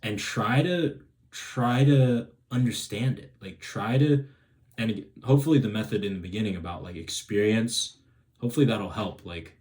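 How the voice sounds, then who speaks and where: With a lowish, slightly mellow voice at a moderate pace, a man hosts a self-help video. His advice monologue is casual and rambling, full of restarted sentences and "right?" check-ins.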